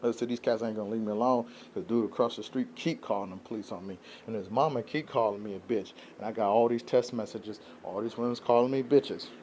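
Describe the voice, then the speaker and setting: A man's voice: on the low side, fairly even intonation, quick pace, few pauses, a little mellow, a little hiss or hum. A man talking straight to his camera in an unscripted vlog, venting in a rambling, aggrieved way and often checking in with his listeners. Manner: rambling, aggrieved venting, keeps asking "you know what I'm saying". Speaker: vlogger.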